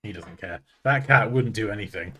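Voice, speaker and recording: A man's voice: on the low side, normal speed, sharp tone, husky. A man chatting casually while streaming from his desk at home, joking and laughing at himself as he talks. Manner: joking and self-mocking, laughs often. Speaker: streamer and design tutor. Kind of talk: casual live-stream chat.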